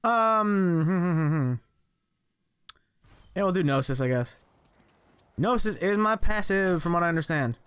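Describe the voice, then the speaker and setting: A man's voice: high voice, animated, slow pace, pauses often, fairly bright tone, clear, resonant tone, dry recording. A young man commenting on his own gameplay, exclaiming, joking to himself and swearing as he plays. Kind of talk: casual let's play commentary.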